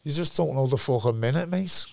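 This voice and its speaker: A man's voice: medium pitch, fairly quick, vocal fry, a little mellow, slight background noise. A middle-aged man with a Scouse accent, a former footballer, telling rambling, sweary anecdotes in casual chat, full of "lad" and "me".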